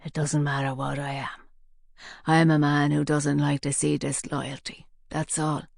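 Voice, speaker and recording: A woman voicing a menacing male gunman with a hoarse, gravelly voice. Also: low voice, level tone, measured pace, a little mellow, no room sound, studio quality. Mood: cold.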